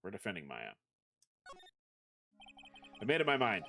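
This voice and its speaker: A man's voice: lowish voice, very animated, normal speed, long pauses, sharp tone, soft background music. A man livestreaming a courtroom game, reading the hero's lines aloud and adding self-mocking asides. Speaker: streamer.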